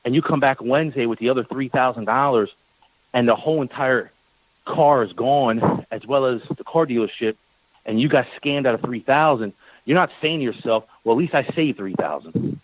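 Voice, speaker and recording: Brief: male talk-radio guest, lively storyteller, middle pitch, dry close mic. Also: moderate pace, no room sound, dull audio. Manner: animated storyteller, acts out quoted exchanges; repeats words when worked up. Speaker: team owner guest.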